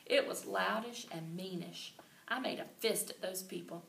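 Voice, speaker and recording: Expressive woman reading aloud, bright and gravelly, recorded far off in a roomy space. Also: mid-range voice, normal speed, a little hiss or hum. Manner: lively, expressive storytelling. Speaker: reader. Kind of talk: reading a children's book aloud. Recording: roomy and distant, faint ambience.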